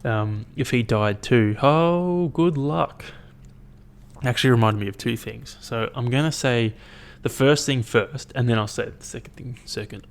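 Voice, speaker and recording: Low-voiced man ranting casually. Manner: rambling, profane, animated storytelling. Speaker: podcast host. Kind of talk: casual solo podcast chat.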